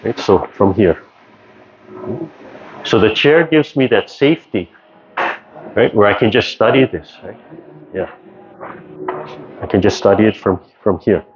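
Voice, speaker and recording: Relaxed man teaching over a video call. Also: lowish voice, measured pace, pauses often. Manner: relaxed, rambling, frequent "right?" check-ins. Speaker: tai chi instructor. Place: community class, indoors. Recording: dull lo-fi video call audio with faint noise.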